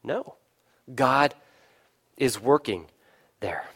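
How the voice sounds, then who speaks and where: A man's voice: extremely slow, breathy edge. A man preaching a sermon, putting questions to his listeners and briefly acting out voices from the story. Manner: lively preaching, asks the listeners questions, acts out voices, drops low for emphasis. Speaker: pastor.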